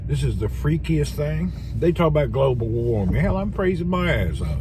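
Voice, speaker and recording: A man's voice: on the high side, very animated, moderate pace, few pauses, over music. A man chatting casually on a live stream, rambling and joking with frequent laughs, talking from inside a vehicle. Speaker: vlogger. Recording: noisy car ambience.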